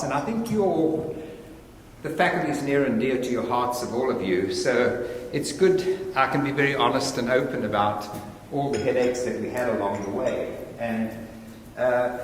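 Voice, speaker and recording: Older South African man in echoey hall. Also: medium pitch. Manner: conversational, digressive, good-humoured. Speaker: guest lecturer. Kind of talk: informal lecture. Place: large lecture hall. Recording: echoey lecture hall, faint hiss.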